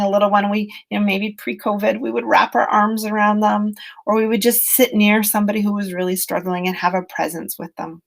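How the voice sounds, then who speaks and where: A middle-aged woman educator from British Columbia, Canada, gives a webinar on self-compassion through a computer mic. She speaks gently and earnestly in a conversational style with lots of fillers, her medium-pitched voice showing vocal fry.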